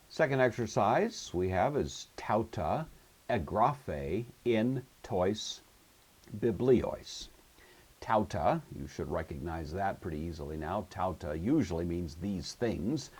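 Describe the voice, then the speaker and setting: A man teaching a recorded Greek grammar lesson, explaining methodically and patiently and slowing down to pronounce each example word. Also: deep voice, darkish tone, breathy edge.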